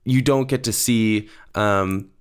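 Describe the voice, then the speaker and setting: A man's voice: fairly low pitch, takes it slowly, clean tone. A young man co-hosting a film podcast, talking casually in a rambling way full of "like" and "um". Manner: rambling, full of "like" and "um", laughs easily. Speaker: podcast co-host.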